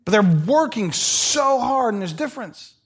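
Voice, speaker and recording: A male pastor preaching a sermon in a conversational, animated way, telling stories with playful asides. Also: extremely high pitch, moderate pace, breathy edge.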